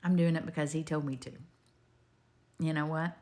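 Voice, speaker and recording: A woman's voice: low-pitched, steady tone, moderate pace, a little mellow. An older woman, talking straight to her viewers in a rambling, homespun faith video full of digressions. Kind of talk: rambling faith testimony to camera.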